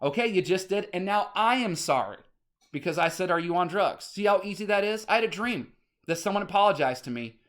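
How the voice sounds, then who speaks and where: A man's voice: high-pitched, lively intonation, fairly quick, a bit bright. A man ranting in a casual vlog monologue, rambling and swearing as he gets worked up. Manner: agitated, rambling, swears often. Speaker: vlogger.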